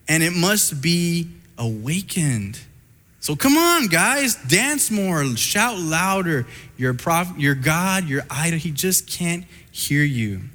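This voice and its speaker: A man acting out a bold male prophet who mockingly goads a crowd to shout louder. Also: on the high side, long reverb tail. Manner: mocking, goading.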